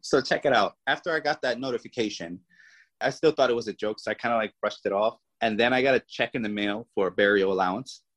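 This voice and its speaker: A man guest in an interview, telling his own story in an animated way and voicing the people in it. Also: fairly low pitch, quick pace, low-quality recording.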